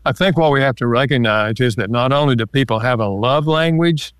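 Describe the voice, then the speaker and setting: A man speaks as an interview guest, explaining each point patiently with examples. His voice sits at an ordinary pitch. The recording is close and dry, with no room sound. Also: fairly quick, smooth, dry recording. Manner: calm, explanatory, gives examples. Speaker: author and marriage counselor guest. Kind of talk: interview conversation.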